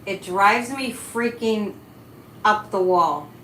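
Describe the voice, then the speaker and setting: Taking things slowly in a mid-range, fairly bright voice, a woman hosts a psychic live stream and chats casually and animatedly, picking up chat comments as she goes. Her room is echoey, with faint noise.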